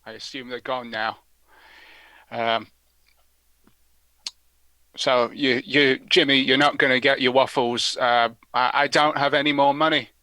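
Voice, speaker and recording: A man's voice: mid-range voice, fairly even intonation, unhurried, long pauses, bright, forceful tone, dry recording. A man hosting a prank call show, rambling through comedic commentary with giggly asides.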